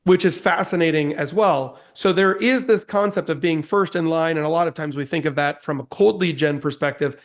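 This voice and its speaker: A man's voice: a little high, fairly quick, hardly any pauses. A man co-hosting a webinar discussion, chiming in with enthusiastic, emphatic remarks.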